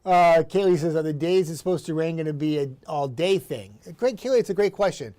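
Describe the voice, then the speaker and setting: A man's voice: fairly high pitch, fairly quick, warm tone. A male TV meteorologist chatting casually on a livestream, upbeat and talkative, laughing often and greeting viewers by name. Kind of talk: casual livestream chat reading viewer comments.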